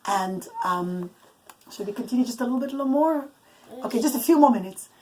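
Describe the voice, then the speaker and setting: High-voiced woman telling a bedtime story. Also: lively intonation, rough recording. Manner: warm storytelling with puppets, pausing to settle children.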